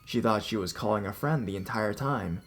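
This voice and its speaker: A man reading a first-person horror story aloud, telling it in an expressive way with small restarts. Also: fairly low pitch, normal speed, soft background music.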